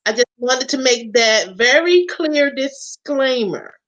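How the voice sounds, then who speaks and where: A playful woman hosts a relaxed holiday chat over a video call. Her voice sits a bit high and swings widely in pitch, and she speaks slowly. She laughs a lot and slips into snatches of song. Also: dull audio. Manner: playful, laughs often, breaks into bits of song. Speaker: host.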